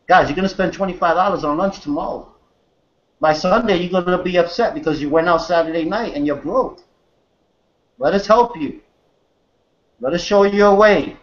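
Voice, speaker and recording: A man's voice: moderate pace, pauses often, lo-fi sound. A man hosting an online business call, pumping up his listeners with motivational talk and repeated "guys". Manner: hyped, repeats "guys", pitches a sign-up. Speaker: host. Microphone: video call.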